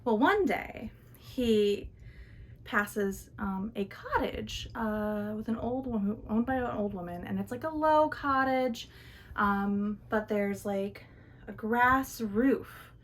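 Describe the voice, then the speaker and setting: A woman's voice: mid-range voice, lively intonation, slow pace. A young woman in her twenties telling a folktale in a casual, chatty way with fillers and restarts, recorded at home. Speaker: student storyteller. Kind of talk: casual oral storytelling of a folktale.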